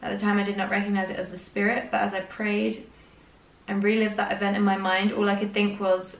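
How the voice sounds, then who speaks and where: A woman's voice: medium pitch, level tone, brisk. Chatty woman reading aloud, roomy and distant. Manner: chatty, laughing often between readings. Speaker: podcast co-host. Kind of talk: casual chat, reading a journal aloud.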